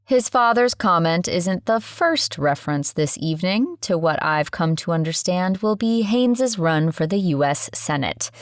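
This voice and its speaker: A woman's voice: lowish voice, smooth, dry recording. A woman narrating a first-person audiobook with sardonic, wry asides, recorded on a close studio mic.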